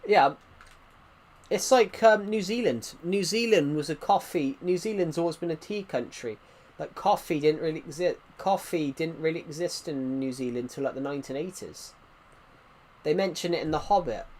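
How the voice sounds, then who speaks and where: A man chats loosely over his gameplay, his voice sitting a touch higher than most men's. He wanders from one side topic to the next in an easy, rambling way. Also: normal speed, darkish tone, slight background noise. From Britain. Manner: rambling, chatty, tangents. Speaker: gaming channel host. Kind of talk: casual gameplay commentary.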